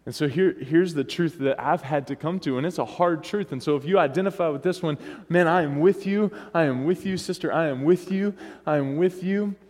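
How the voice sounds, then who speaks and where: Guy pastor preaching, kinda high voice, casual and asks the congregation stuff, echoey church hall. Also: fairly quick, hardly any pauses, a little mellow. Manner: conversational, asks the congregation for responses. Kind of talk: sermon. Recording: long hall reverb.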